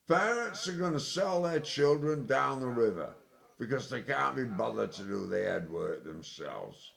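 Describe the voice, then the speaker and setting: A tipsy man delivering an angry, sweary, rambling monologue, with sudden loud outbursts. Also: medium pitch, sing-song, unhurried, vocal fry. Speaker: vlogger. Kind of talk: ranting monologue.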